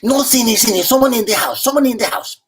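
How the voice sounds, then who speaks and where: A woman's voice: a little high, quick pace, recorded from a distance, voice pushed up, lightly acted. A man voicing a frantic elderly woman from Cuba who panics and repeats herself, within a spoken-word storytelling piece. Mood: panicked. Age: 80s. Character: frantic elderly Cuban woman terrified of helicopters.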